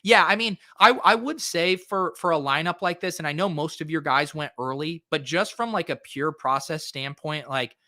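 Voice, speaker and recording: A man's voice: a little high, sharp tone, no echo, clean studio sound. A man hosting a fantasy sports show, reviewing lineups in a casual, chatty way with lots of fillers. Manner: chatty, filler-heavy, quick asides. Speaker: fantasy sports podcast host.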